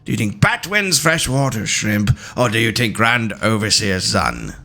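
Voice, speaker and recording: A man's voice: mid-range voice, sing-song, normal speed, pushed and bright. A man voicing a pompous, overly polite male city surveyor in a tabletop game, fawning and pushy, then haughty when offended.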